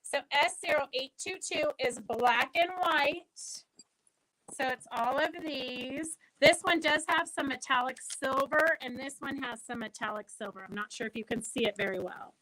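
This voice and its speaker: A woman's voice: high-pitched, moderate pace, pushed and bright, poor audio. A woman hosting a casual live-stream fabric sale, chatting and answering viewers' comments as she goes.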